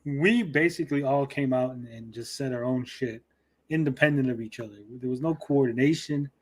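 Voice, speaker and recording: A man hosts a laid-back livestream after-show, reading viewer comments and riffing on them. He is blunt and jokey, with plenty of casual swearing, at an ordinary middle pitch. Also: brisk. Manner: blunt, joking, swears freely. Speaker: show host reading chat.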